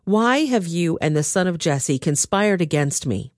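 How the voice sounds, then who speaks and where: A woman voicing a furious, suspicious king who shouts accusations at his officers, in a dramatized reading. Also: on the low side, expressive, measured pace, no room sound, clean studio sound. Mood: accusing.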